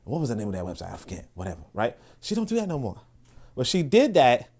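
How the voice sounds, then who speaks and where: A man hosting a podcast, talking in an animated, casual way with frequent restarts and asides to listeners. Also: medium pitch, fast talker. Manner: laughs and asks listeners for agreement. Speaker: podcast host. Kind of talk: casual monologue.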